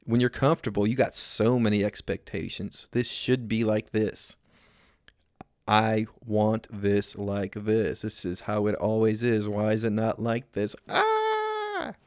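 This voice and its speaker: A man's voice: fairly low pitch, flat delivery, a little slow, darkish tone, clear, resonant tone, dry recording, studio quality. Rambling, profane male comedian. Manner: rambling, profane, self-mocking. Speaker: podcast host and comedian. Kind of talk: solo comedic monologue.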